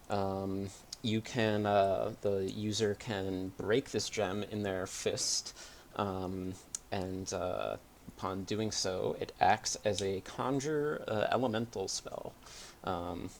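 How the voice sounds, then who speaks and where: Low voice but sharp, slow, explaining game rules with ums, faint noise. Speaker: player.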